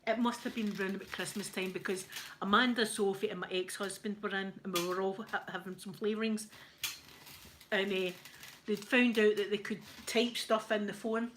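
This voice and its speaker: Scottish woman, mid-range voice, chatty and quick to laugh, light hiss in the background. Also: medium pitch, steady tone, poor audio. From Scotland. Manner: chatty, giggly, laughs often. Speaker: live-stream host. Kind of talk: casual chat while ironing.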